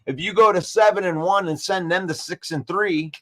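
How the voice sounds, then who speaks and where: A man hosting a daily sports talk show, excitable and trash-talking, repeating himself as he builds his case. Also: sits high, normal speed.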